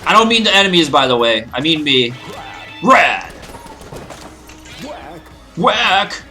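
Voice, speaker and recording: Canadian man, lively pitch swings, bright voice, chatty rambling game commentary. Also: fast talker, soft background music. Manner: chatty, rambling, with bursts of goofy exclamations. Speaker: gaming video host. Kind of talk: casual let's-play commentary.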